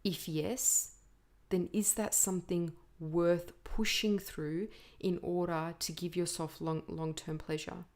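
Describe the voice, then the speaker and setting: A woman talks through a self-help podcast episode at a very unhurried pace, letting each idea settle. Her voice sits a little low for a woman, and her delivery is earnest and deliberate. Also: fairly even intonation, a little mellow. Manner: slow, deliberate and earnest, with pauses between list items; puts on a playful imitation voice for a quoted speaker. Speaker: podcast host.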